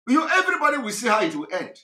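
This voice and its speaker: A man's voice: very high voice, bright, forceful tone. A man from southeastern Nigeria with a Nigerian accent, giving an impassioned political monologue, mocking and fiery, laughing between his points. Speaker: political activist broadcaster. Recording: roomy echo.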